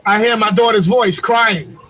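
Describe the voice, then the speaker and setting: A middle-aged man on a video call, telling a long story in an animated, profane, slangy way. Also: high voice, measured pace, husky, low-quality recording. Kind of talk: casual storytelling on a group call.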